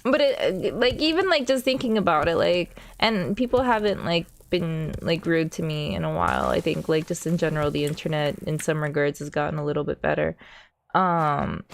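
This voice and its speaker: A woman's voice: low voice, normal speed, gravelly, slight background noise. A young woman streamer in casual chat while gaming, rambling and self-deprecating, full of fillers.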